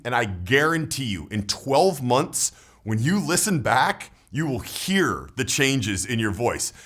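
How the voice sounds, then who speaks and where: A man working as a voice coach, giving a persuasive direct-to-camera pitch with emphatic, salesy delivery that swings between loud punches and low drops.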